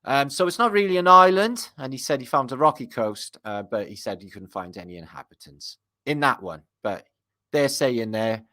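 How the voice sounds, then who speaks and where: A man reads passages from an old book and keeps interrupting himself with eager, rambling remarks to his audience. His voice is bright and forceful, and his talk is loose and full of ums and restarts. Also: mid-range voice, moderate pace. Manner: excitable and rambling, with many fillers and asides to viewers. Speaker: video host reading from an old book. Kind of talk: casual commentary while reading aloud.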